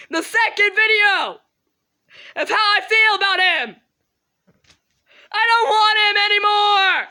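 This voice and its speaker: Very high-pitched bright teen girl vlogger. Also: slow, pauses often. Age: teens. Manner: tearful apologetic rambling, shouting at times. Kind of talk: emotional monologue to camera.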